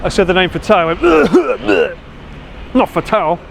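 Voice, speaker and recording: A livestreamer strolling city streets talks slowly in a high-sitting voice with vocal fry and an Essex English accent. He chats casually with his live audience, laughing, teasing and swearing in lively banter, and the audio has a little hiss or hum.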